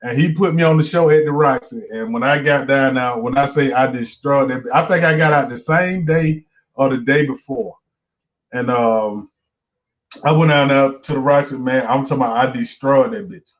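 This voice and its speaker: Speaking at normal speed with a medium-pitched voice, this Southern-accented comedian from Georgia hosts a loose chat and tells a meandering, foul-mouthed story. The stream recording sounds muffled and low quality.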